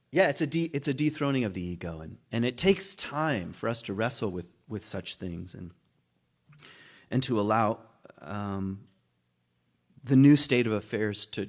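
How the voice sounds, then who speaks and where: A man's voice: on the low side, slightly rough. A man giving a loose, conversational talk at a spiritual community. He muses aloud, laughs at himself and restarts his thoughts often. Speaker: guest speaker at a spiritual community. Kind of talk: informal sermon talk.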